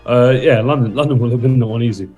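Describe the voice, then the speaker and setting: A man's voice: mid-range voice, fast, a little mellow, slightly rough, muffled recording, soft background music. A man co-hosting a casual sports podcast, jokey and playful, always reaching for a pun. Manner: jokey, playful, hunting for puns. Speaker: podcast co-host.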